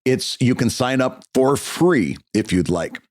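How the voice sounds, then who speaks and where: A man co-hosting a podcast, a cartoonist casually explaining how he set up his page. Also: a little slow. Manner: conversational, explaining with lively pitch.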